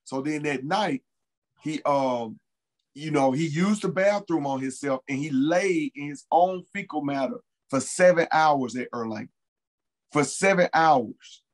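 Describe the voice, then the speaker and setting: A man's voice: on the high side, unhurried, poor audio. A man as an interview guest, telling a personal story in a casual, earnest way and repeating key phrases for emphasis.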